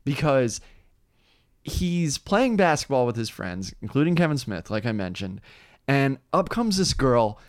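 A man co-hosting a casual chat, telling stories in an animated, ranting way. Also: medium pitch, a little slow, no echo, clean studio sound.

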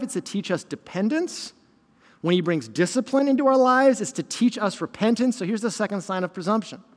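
A man preaching a sermon as lead pastor, telling animated stories with self-deprecating humor. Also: sits high, big-room sound.

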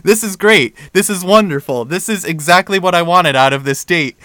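A young man co-hosting a podcast, telling a story in a casual, animated way and acting out the dialogue. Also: high-pitched, normal speed, dry recording. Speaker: podcast co-host.

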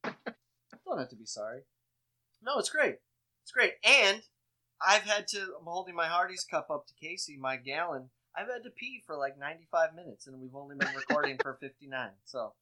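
A man, co-hosting a podcast in casual chat, telling jokey stories with lively swooping emphasis. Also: on the high side, fairly quick. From Midwestern United States. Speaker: podcast co-host.

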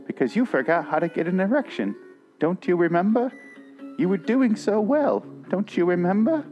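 A man doing a high, swooping woman's ad voice. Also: animated, moderate pace. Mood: teasing. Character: sultry woman pitch reader. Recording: muffled audio with guitar music.

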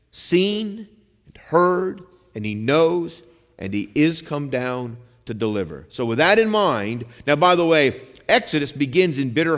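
A male pastor preaching a sermon in a conversational style, dropping low and quiet for some lines and rising for emphasis, asking the congregation for amens. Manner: conversational preaching, calls out amen; shifts between quiet low lines and raised emphatic ones. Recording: long hall reverb.

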